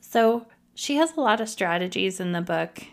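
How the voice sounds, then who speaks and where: A woman's voice: medium pitch, expressive, moderate pace. A woman hosting a podcast, telling her own story in a candid, emotional, confessional way. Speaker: podcast host.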